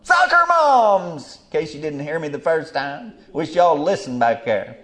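A middle-aged man preaching a fiery Bible sermon. He drops to low murmurs, then bursts into loud exclamations. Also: normal speed.

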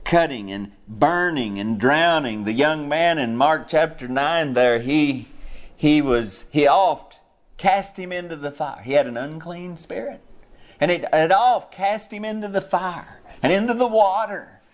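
Impassioned preacher, man. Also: a little slow. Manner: impassioned, rises to high cries when quoting. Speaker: pastor. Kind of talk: sermon.

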